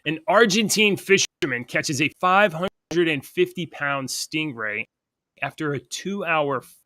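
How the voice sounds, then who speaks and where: A man hosting a casual podcast chat, his voice slightly high and bright. He rambles from one point to the next and laughs between them. The sound is close and dry. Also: animated, measured pace, no room sound. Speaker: podcast co-host.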